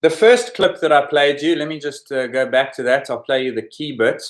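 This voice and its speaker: A man's voice: mid-range voice, normal speed. Man hosting a chatty sports quiz. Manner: explanatory, chatty, goes over answers with asides. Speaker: podcast host running a sports quiz. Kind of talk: casual quiz commentary. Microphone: podcast microphone.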